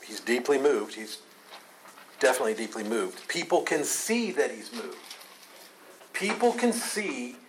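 Male Bible study teacher, emphatic, mid-pitched, light noise behind. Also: expressive, unhurried, pauses often, poor audio. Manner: earnest, emphatic, takes questions.

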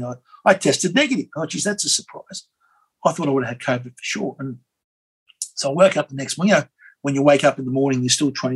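An Australian man, a former member of parliament, telling a rambling, animated story as an interview guest, with many fillers and restarts. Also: medium pitch, husky, rough recording. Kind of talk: conversational storytelling.

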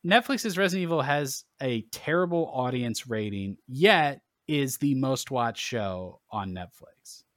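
A man's voice: medium pitch, lively intonation, measured pace, hardly any pauses, fairly bright tone, no room sound, clean studio sound. A man co-hosting a casual podcast chat, opinionated and blunt, swearing now and then as he makes his case. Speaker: podcast co-host.

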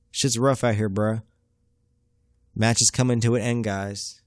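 A man's voice: lowish voice, fairly even intonation, slow pace, dry recording. A young man hosting a podcast, telling a comic story in a laid-back, profane, slang-heavy way. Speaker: podcast host. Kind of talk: comedic storytelling monologue.

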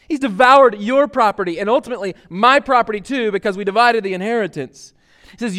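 Animated high-voiced male preacher. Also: moderate pace. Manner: animated, acts out quoted characters, repeats words; drops to a low, quiet voice for asides. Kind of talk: sermon.

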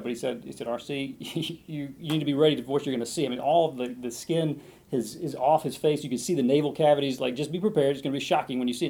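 A man preaching a sermon, retelling a long story in an animated way, with frequent restarts and quoted dialogue. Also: a little high, breathy edge.

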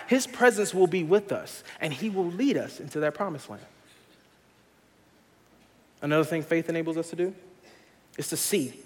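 Young man, pastor, sermon, slightly high voice, long church reverb. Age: young adult. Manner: earnest preaching that builds to loud laughing storytelling.

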